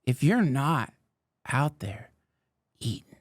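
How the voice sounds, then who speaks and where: A man's voice: medium pitch, sing-song, slow, dry recording. A man and parent in a casual podcast conversation, telling stories in a profane way. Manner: profane, storytelling.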